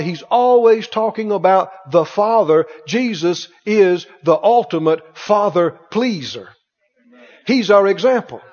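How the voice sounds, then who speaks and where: Animated high-voiced preacher man. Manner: animated preaching, acting out scripture voices, rhetorical questions. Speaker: pastor. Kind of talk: sermon. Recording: dull sound with long hall reverb.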